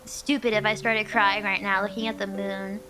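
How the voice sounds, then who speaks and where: A woman's voice: medium pitch, level tone, moderate pace. A woman streamer chatting casually, rambling through stories and giggling often. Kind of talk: casual chat. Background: background music.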